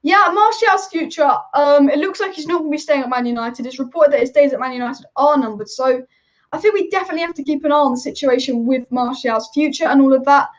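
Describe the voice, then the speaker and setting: High-voiced woman ranting about football. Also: fast talker. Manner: opinionated, rambling, passionate. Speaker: football channel host. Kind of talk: live-stream chat reading viewer comments. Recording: dull lo-fi stream audio.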